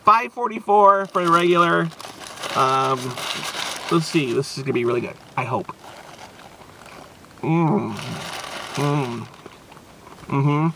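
A man's voice: on the high side, slow, gravelly, pauses often, noisy background. A man hosting a casual, jokey food review vlog. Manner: playful, animated, jokey.

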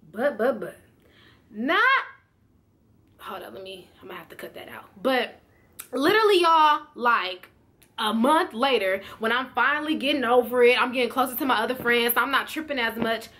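A woman vlogger telling a storytime in an animated, slangy way, talking straight to her viewers. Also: fairly high pitch, moderate pace. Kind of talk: storytime vlog.

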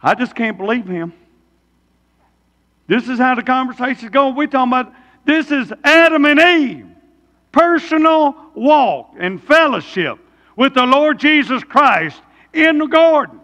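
A man's voice: extremely high pitch, lively intonation, measured pace, pushed and bright, highs cut off. A man preaching a sermon, folksy, throwing rhetorical questions at the congregation. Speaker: pastor. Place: church sanctuary. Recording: long church reverb.

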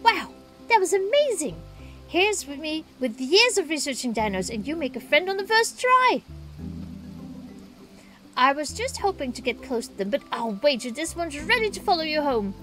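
A woman voicing a cheerful, eager dinosaur researcher from a video game, reading the lines aloud with bubbly excitement. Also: high-pitched, normal speed, soft background music. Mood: amazed.

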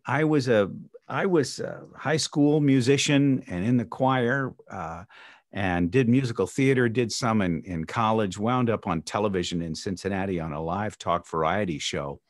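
Man, audiobook narrator, lower voice, dry close sound, hesitant, fillers. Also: dry recording. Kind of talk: casual interview talk.

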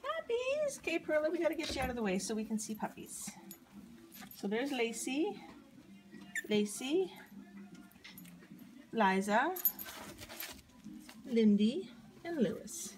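A woman filming her puppies at home, speaking in cooing, sing-song baby talk that drops to soft whispers. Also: fairly high pitch, lively intonation, takes it slowly, pauses often, over music, rough recording.

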